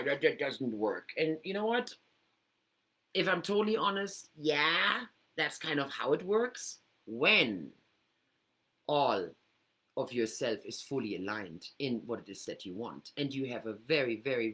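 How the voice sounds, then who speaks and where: A middle-aged woman from Germany hosts a casual teaching talk from her home computer, animated and acting out inner voices. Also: low voice, slightly rough. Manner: animated, acts out inner voices with big swings. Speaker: host.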